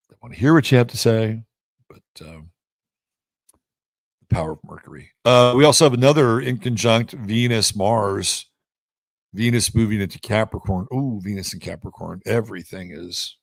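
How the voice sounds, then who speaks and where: A man with a low, gravelly voice talks through a daily astrology forecast. He is blunt and chatty and breaks into quick mock voices with wide leaps in pitch. The sound is dry and close. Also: no echo. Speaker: astrology show host. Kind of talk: casual astrology forecast monologue.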